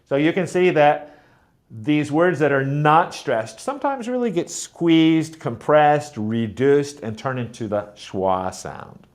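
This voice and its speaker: A man teaching a pronunciation lesson, speaking deliberately and modeling words and sentences aloud to show stress. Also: a little high, lively intonation. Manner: slow, deliberate, demonstrating stress patterns aloud. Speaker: teacher trainer.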